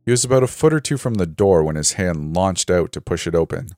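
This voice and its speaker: A man narrating a horror story in a measured, dramatic storytelling voice. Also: sits low, animated, a little mellow, dry recording, clean studio sound. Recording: faint background music.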